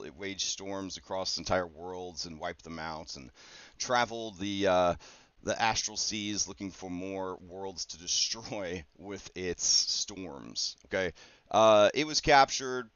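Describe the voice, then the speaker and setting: A man with a fairly low voice talks through his tabletop campaign prep as game master, rambling casually with lots of fillers and side remarks. The recording is dull and lo-fi, with a dry, close sound and no room echo. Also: fairly bright tone, clean tone. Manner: rambling and conversational, with many fillers and quick asides.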